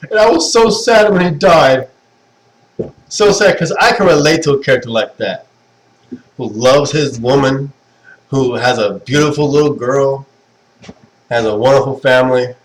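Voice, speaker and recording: A man's voice: fairly high pitch, rough recording. A young man chatting casually to viewers on a livestream, gushing and sentimental and laughing often. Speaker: livestream host. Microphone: webcam stream mic.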